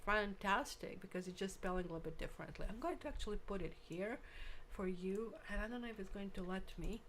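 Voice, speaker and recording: A woman's voice: medium pitch, fast, a bit bright, a little hiss or hum. A woman hosting a live tarot stream, chatting casually with viewers and thinking aloud while she works.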